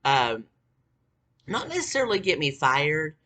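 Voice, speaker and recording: A vlogger in their forties, talking in a casual monologue, ranting bitterly with lots of swearing and filler words, dropping to low mutters and rising to shouts. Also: very animated, measured pace. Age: 40s.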